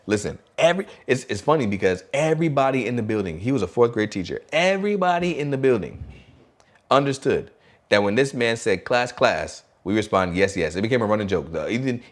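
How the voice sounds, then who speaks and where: A man hosting a podcast for new teachers, talking in an energetic, animated way and acting out classroom call-and-response chants. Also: on the low side. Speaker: podcast host and teacher trainer.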